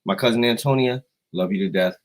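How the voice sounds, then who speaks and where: An American man rambling profanely on a livestream, jumping between loud outbursts and quiet asides. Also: lowish voice, fairly quick, rough recording. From United States. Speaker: livestream host. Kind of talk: rambling casual livestream chat.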